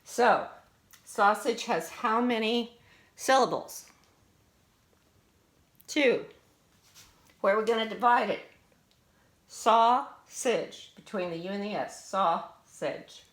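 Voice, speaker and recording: A middle-aged woman teaching a spelling lesson to students. She speaks slowly and patiently at a medium pitch, defining each word and asking questions as she goes. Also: fairly bright tone. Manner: slow, patient, explains and asks questions.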